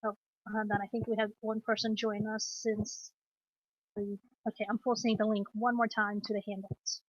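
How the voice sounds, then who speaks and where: A woman with a Moscow Russian accent, a native Russian speaker, teaching an online class in a relaxed way with many ums and restarts. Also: medium pitch, normal speed, no echo. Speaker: class instructor. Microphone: computer mic on a video call. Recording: dull lo-fi video call audio.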